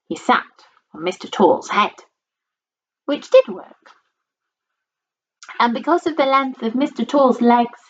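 A woman reading a children's storybook aloud in a playful, expressive way. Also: on the high side. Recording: dull lo-fi recording.

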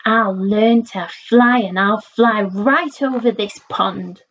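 A woman's voice: medium pitch, slow pace, fairly bright tone. A woman voicing a small, determined young male frog who talks in an earnest, pleading way, on a slightly dull lo-fi recording.

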